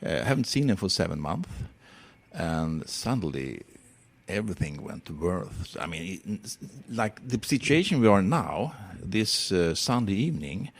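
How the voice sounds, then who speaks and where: Middle-aged Swedish-accented male guest, low pitch, very lively intonation, halting English. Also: creaky, slightly rough. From Sweden. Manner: animated, laughs often, hesitant English. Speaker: guest magician. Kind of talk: casual interview.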